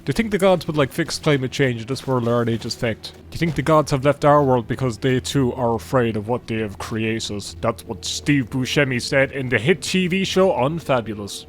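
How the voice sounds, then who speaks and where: A young man giving casual, jokey gameplay commentary and swearing freely. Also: medium pitch. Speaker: gaming YouTuber. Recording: faint game music behind.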